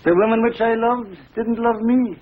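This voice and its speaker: Older Irish tailor, high husky brogue, dull old TV sound. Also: male voice, fairly even intonation, moderate pace, a little hiss or hum. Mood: wistful, coaxing. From Ireland. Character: lonely, warm-hearted older Irish tailor, man. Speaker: visiting cousin, a tailor. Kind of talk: 1950s TV sitcom acting. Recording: dull lo-fi 1950s TV audio.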